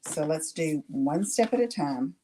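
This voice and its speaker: Here the host is a middle-aged woman with a low-sitting, dark-toned voice, expressive and unhurried, running a live craft demo. She chats with the audience and follows each step with "okay?" over slight background noise.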